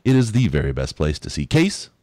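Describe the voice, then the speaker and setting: A man hosting a live sports podcast, running through announcements in an upbeat, animated way. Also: very deep voice, a little fast, no room sound. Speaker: podcast host.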